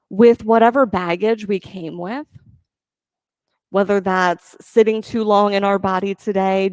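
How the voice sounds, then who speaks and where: A woman yoga teacher leading a class, giving calm, encouraging step-by-step cues for breath and poses. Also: mid-range voice, no echo. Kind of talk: guided yoga class instruction.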